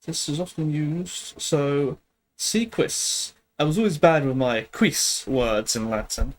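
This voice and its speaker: Working through a language exercise on a live stream, a man studying Greek thinks aloud slowly and at leisure, hesitant and double-checking himself. His voice sits on the high side, with slight background noise in the clip.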